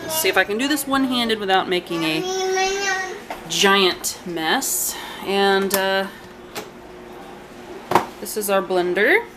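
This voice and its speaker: This channel host speaks at medium pitch, animated but slow, pausing often as she chats her way through a kitchen cooking vlog. She wanders off into asides and uses plenty of fillers. Noticeable background noise runs through the home recording.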